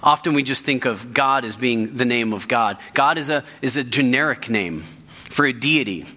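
A man's voice: mid-range voice, normal speed, pushed and bright. A man, a pastor, preaching a sermon with emphasis and often repeating key phrases for weight.

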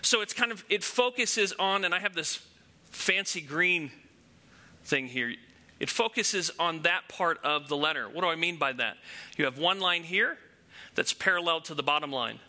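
Male pastor, higher register, very bright tone, conversational teaching sermon with rhetorical questions. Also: animated, moderate pace.

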